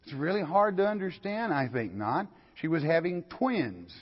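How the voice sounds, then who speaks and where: Folksy older pastor, hall reverb. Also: male voice, a little high, big pitch swings, normal speed, slightly rough. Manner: folksy, questioning the listeners and reading scripture aloud. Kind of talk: verse-by-verse Bible lecture. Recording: lo-fi recording in a hall.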